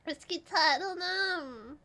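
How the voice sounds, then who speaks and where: A young woman streaming casually, congested and clearing her throat, playful and giggly with dramatic outbursts. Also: very high voice, bright, forceful tone.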